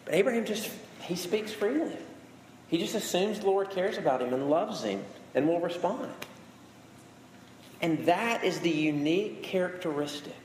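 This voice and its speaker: A man in his thirties preaches in a slightly high voice, talking to the congregation in a casual way and repeating words for emphasis. His voice rings with a long reverb through a large hall, over a faint background hum. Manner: conversational, emphatic preaching with repetition. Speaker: pastor. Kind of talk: sermon. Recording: echoey hall with faint ambience.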